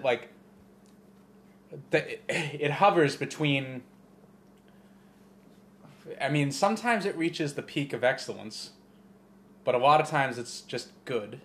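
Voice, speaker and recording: A man co-hosting a podcast, telling movie stories in a profane, rambling, animated way. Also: fairly high pitch, slow, long pauses. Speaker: podcast co-host. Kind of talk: casual chat.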